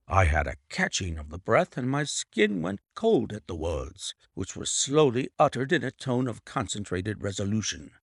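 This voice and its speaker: Gravelly, expressive male storyteller. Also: fairly low pitch, normal speed, few pauses, no room sound, clean studio sound. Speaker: audiobook narrator. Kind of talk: first-person audiobook narration.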